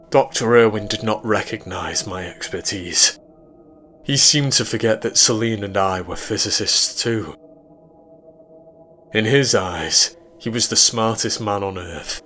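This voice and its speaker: A man with an English accent narrating a horror story in a measured, low-key way. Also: bright, forceful tone.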